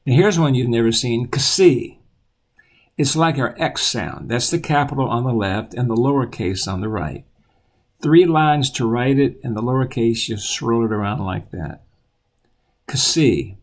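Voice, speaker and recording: A man teaching children the alphabet, patiently repeating each letter aloud in a steady voice. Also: mid-range voice, measured pace.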